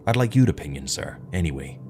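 A stern, skeptical spaceship captain, as a man reads him aloud, curt and commanding. His voice sits low and he brushes everyone off with clipped, dismissive orders. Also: sing-song, fast, darkish tone, faint music behind. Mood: impatient.

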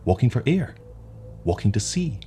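A man's voice: medium pitch, very animated, moderate pace, dark tone, a little hiss or hum, voice pushed up, natural voice. A man doing a polite, nervous lonely walker. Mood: earnest. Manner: polite, earnest, slightly nervous replies.

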